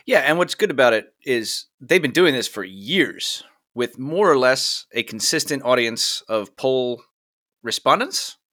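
Co-host, male, bright and crisp, agreeable interjections, dry studio sound. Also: medium pitch, lively intonation, no room sound. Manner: quick wisecracks, agreeable interjections. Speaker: podcast co-host. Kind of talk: casual tech podcast chat.

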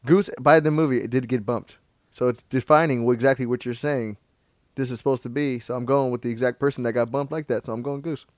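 A man's voice: medium pitch, steady tone, fast talker, no echo. A man co-hosting a podcast, chatting casually about a film with laid-back interjections. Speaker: podcast co-host.

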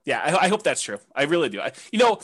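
A man teaching a real estate investing class, talking candidly in a halting way with many restarts and fillers. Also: fairly high pitch, very animated, a bit bright.

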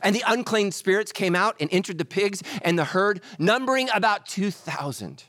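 A male pastor delivers a sermon in a fairly high voice that rises and falls in wide, lively swings. He pushes some lines out loud and drops others to a hush. The sound is dry and close, with no room echo. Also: normal speed. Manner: animated preaching, swings between loud and hushed.

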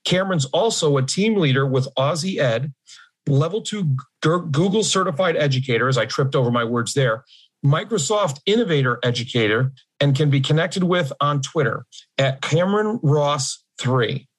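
A man's voice: a little high, animated, moderate pace. Upbeat man hosting a podcast. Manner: friendly, laughs easily, slightly formal. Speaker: podcast host. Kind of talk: interview hosting.

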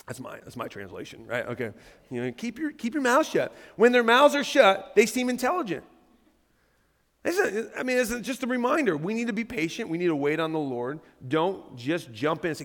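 Male pastor, high voice, chatty animated sermon, church hall reverb. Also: moderate pace. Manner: conversational, animated, reads scripture aloud. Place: church stage.

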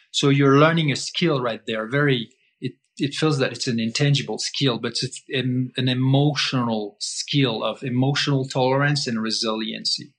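Guest man, mid-pitched voice, emphatic and repetitive teacher who answers his own questions. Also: a bit bright. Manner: emphatic, repetitive, asks himself rhetorical questions. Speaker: guest breath-holding teacher. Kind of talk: explaining in conversation.

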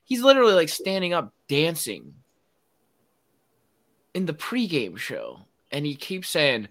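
A man's voice: a little high, big pitch swings, unhurried, a bit bright. A man hosting a casual sports podcast, ranting with strong opinions and frequent laughs. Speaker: podcast host.

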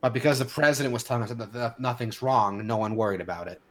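A man co-hosting a casual podcast, his voice at an ordinary middle pitch. He rants heatedly, stumbling through restarts and fillers as he talks. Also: fairly even intonation, quick pace, a bit bright. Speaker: podcast co-host. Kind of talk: casual opinionated chat.

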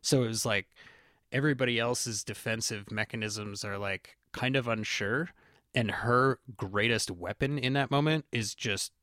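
A man hosting a podcast in a casual, animated way, laughing often and acting out lines he quotes. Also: mid-range voice, moderate pace, dry recording, studio quality. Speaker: podcast host. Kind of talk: casual chat.

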